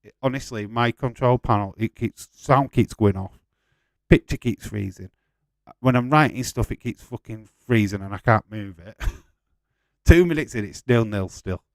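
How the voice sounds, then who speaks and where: A man's voice: medium pitch, unhurried, dry recording. A man hosting a live watch-along stream, chatting casually, swearing freely and laughing while he reads viewer comments.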